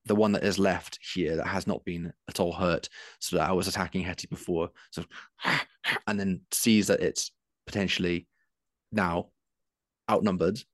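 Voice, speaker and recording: A man with a low voice runs a tabletop game as game master, describing the action in a loose, searching way full of ums. His voice is deep and sits in a dry, close space. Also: fairly even intonation, normal speed, no echo. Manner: descriptive, with frequent um and uh.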